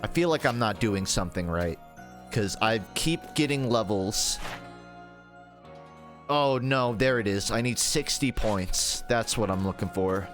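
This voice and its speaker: A man's voice: lowish voice, lively intonation, measured pace, a bit bright, faint music behind. A man streaming a video game, telling stories in a rambling, casual way with plenty of swearing. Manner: rambling, profane storytelling with laughs. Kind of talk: casual livestream chat while gaming.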